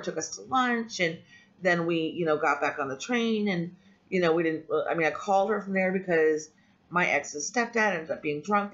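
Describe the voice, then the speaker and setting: A woman's voice: on the low side, fairly bright tone. Candid woman vlogger, dull lo-fi sound. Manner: candid, rambling, with frequent ums and restarts. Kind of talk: personal storytelling to camera. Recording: dull lo-fi audio.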